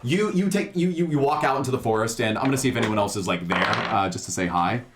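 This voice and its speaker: Lively-voiced man running a tabletop game. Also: medium pitch, fast talker, echoey room, background noise. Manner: chatty, filler-heavy, repeats words. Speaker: game master.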